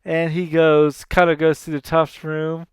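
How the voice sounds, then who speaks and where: Slow, rambling man in his thirties. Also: a little high, flat delivery, smooth, no echo, clean studio sound. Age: 30s. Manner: rambling, self-correcting. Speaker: podcast host. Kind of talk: casual movie retelling.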